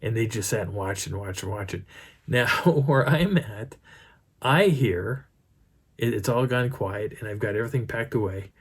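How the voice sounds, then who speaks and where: A middle-aged man tells his story in a casual, rambling first person, circling back and restarting as he goes. His voice sits a little low with a husky edge. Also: moderate pace. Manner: rambling, animated retelling with many restarts. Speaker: Bigfoot researcher telling a field story.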